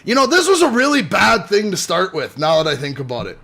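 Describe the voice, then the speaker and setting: A man's voice: sits high, huge pitch swings, brisk, creaky, sharp tone. A Canadian man co-hosting a podcast, rambling and swearing in casual chat. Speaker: podcast co-host.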